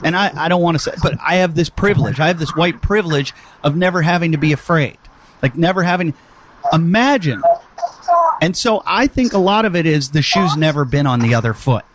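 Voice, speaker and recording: A man hosting a podcast in casual chat, halting and restarting his sentences often. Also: a little high, lively intonation. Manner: halting, many restarts and repeated words. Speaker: podcast host. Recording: audible background noise.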